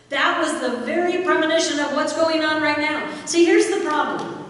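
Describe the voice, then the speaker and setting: A woman's voice: sits high, normal speed, recorded from a distance, slight background noise. Lady preaching a sermon in a church, acts out the story voices, asks the room questions, really echoey hall. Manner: animated storytelling with quoted voices and rhetorical questions. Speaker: pastor. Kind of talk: sermon retelling a Bible story. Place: church sanctuary.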